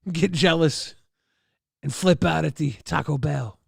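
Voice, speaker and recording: A man on a livestream spins a profane, exaggerated comic tale in a boisterous way. His voice sits high and carries a gravelly fry. It sounds dry and close, with no room around it. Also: measured pace, no room sound. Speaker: livestream host. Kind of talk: comic storytelling to chat.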